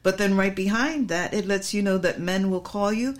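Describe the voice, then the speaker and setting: Emphatic woman preaching a sermon. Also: medium pitch. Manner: emphatic, repetitive, drawn-out stresses. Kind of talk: sermon teaching.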